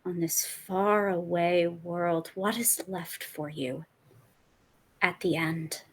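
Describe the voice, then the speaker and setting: A woman playing a tabletop game, speaking slowly in a hushed, menacing way with some words whispered. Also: on the low side, steady tone. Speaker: player. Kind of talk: in-character villain message, then table chat.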